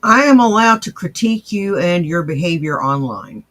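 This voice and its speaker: A man's voice: high voice, expressive, moderate pace, pushed and bright. A man commenting on a clip in a blunt, scornful way, swearing casually. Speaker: commentator reacting to clips. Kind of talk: reaction commentary.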